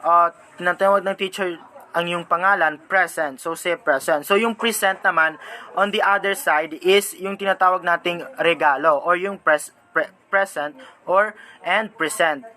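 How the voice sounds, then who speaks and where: A young Filipino man with a Filipino accent gives a halting classroom report, pausing and searching for words as he switches languages mid-sentence. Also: high-pitched, steady tone, bright, forceful tone. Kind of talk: informal classroom explanation.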